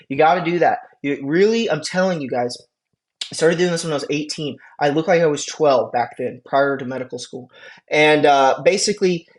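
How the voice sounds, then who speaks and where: A young man lecturing an EMT class, animated and conversational, often checking in with the students. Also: fairly high pitch. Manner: animated, asks the class rhetorical questions and checks in with okay. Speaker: EMT instructor.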